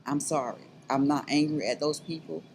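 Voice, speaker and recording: A middle-aged woman gives a personal testimony in an interview. She speaks earnestly and haltingly, with many restarts, then builds to fervent urging. A faint hiss sits beneath her voice. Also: low voice, steady tone. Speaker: interview guest, abuse survivor.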